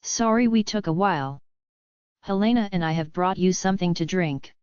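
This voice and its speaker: German forest leader read by a woman, clear, dull lo-fi sound. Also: fairly low pitch, expressive, normal speed, darkish tone, no room sound, close to an everyday voice. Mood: apologetic. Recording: dull lo-fi audiobook recording.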